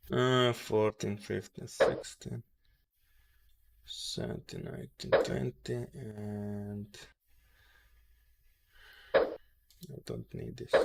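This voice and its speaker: A man hosting a live trading stream, muttering to himself and cursing at the charts with sudden loud outbursts. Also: fairly low pitch, creaky. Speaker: livestream day trader host. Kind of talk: casual live-stream commentary.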